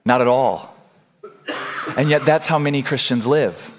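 A man's voice: medium pitch, measured pace, slight background noise. A man preaching a sermon as a pastor, earnest, putting questions to his congregation.

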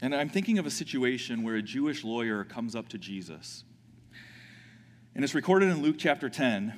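A man's voice: mid-range voice, very animated, normal speed. A man preaching a sermon as a pastor, conversational, with frequent restarts and questions to the congregation. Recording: reverberant hall.

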